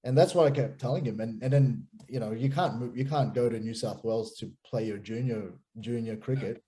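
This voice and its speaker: A man in his thirties with an Australian accent, a pastor guest chatting casually and telling animated stories with many restarts. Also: mid-range voice, brisk. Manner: animated storyteller, repeats and restarts words. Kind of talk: casual chat.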